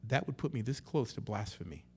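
Male pastor, conversational sermon, mid-pitched voice, dynamic loud-soft delivery, acts out quotes. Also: animated, fairly quick, slight background noise. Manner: conversational, swings between loud and hushed.

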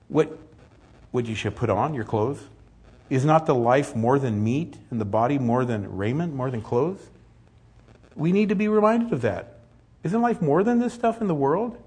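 A man's voice: mid-range voice, expressive, normal speed, darkish tone, slightly rough. A middle-aged man preaching a sermon as pastor, earnest and rising to emphatic peaks.

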